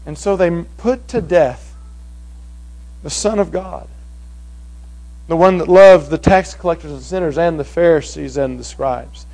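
A man preaching a sermon to a congregation, swinging from hushed passages to loud, emphatic ones. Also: a little high, measured pace, long pauses, rough recording. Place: evening meeting before a congregation.

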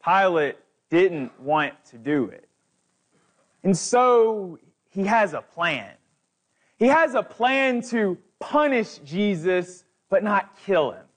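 Male guest preacher with a high voice and slow delivery, emphatic and repetitive. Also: big pitch swings. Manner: emphatic repetition, building lists. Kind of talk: sermon.

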